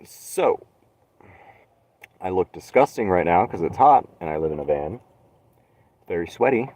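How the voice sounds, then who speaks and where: A young man rambling on a solo live stream from his van, sarcastic and swearing, with dark jokes. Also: low-pitched, lively intonation, a little slow. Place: inside a van. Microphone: phone.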